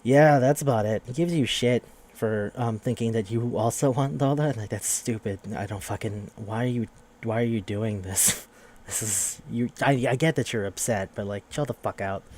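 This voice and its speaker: A fairly low-voiced man talks through a video game's story in a loose, rambling podcast style. He swears freely and slips into quick voices for the characters as he goes. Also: a little mellow. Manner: rambling, profane, acts out characters' lines. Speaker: podcast host. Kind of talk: casual podcast game recap.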